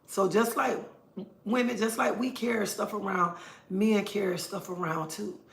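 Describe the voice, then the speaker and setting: Gravelly and medium in pitch, her voice stays fairly even and keeps a measured pace. A middle-aged woman on a casual livestream, she delivers an earnest, preachy monologue in a roomy echo, repeating points for emphasis.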